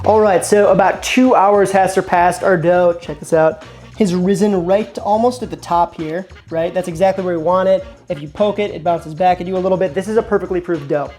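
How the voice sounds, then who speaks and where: A man's voice: high-pitched, brisk, darkish tone, faint music behind. A man hosting a casual cooking vlog in a kitchen, talking in an enthusiastic, slangy, chatty way. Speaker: cooking show host.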